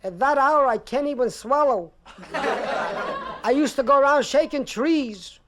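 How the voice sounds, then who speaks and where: High-voiced man telling one-liners. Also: lively intonation. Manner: rapid-fire one-liners. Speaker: stand-up comedian. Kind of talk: stand-up comedy monologue. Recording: crackly vinyl record with clicks.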